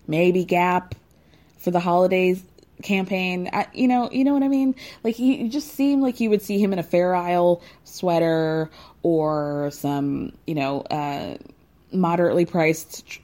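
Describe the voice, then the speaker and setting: A woman host chatting casually and wryly, with big leaps in pitch when she makes a point. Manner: chatty, wry, animated with big pitch jumps. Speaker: podcast host recapping reality TV. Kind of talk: casual chat.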